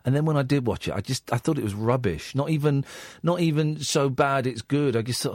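A man hosting a late-night radio talk show, relaxed and teasing with callers. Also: medium pitch, fairly quick, hardly any pauses, no room sound, clean studio sound. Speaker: radio host. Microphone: studio microphone.

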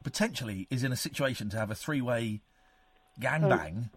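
A man hosting a radio phone-in, teasing callers with quick mock insults. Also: mid-range voice, lively intonation. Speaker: radio host.

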